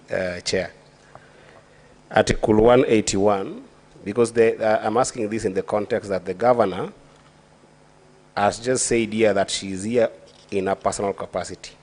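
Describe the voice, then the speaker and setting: Deliberate Kenyan man, lower voice. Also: darkish tone. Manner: deliberate, halting, with frequent fillers and restarts. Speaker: senator questioning a witness. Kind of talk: formal questioning at a hearing. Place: senate chamber.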